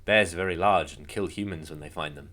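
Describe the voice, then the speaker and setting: A man's voice: sits low, fast talker, bright, forceful tone. A man co-hosting a casual podcast about running tabletop games, rambling and wry, swearing casually. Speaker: podcast co-host and game master.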